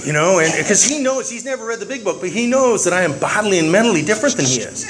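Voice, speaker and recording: A man sharing his recovery story with self-mocking humor, animated and full of repeated words and restarts. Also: high-pitched, fast, few pauses, a crowd in the background, low-quality recording.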